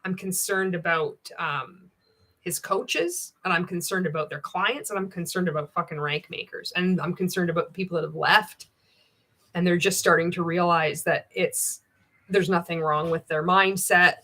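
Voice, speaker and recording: A woman's voice: fairly low pitch, moderate pace, pushed and bright. A woman hosting a casual livestream, reading out viewer comments. She is sarcastic, swears freely and laughs often. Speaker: livestream host.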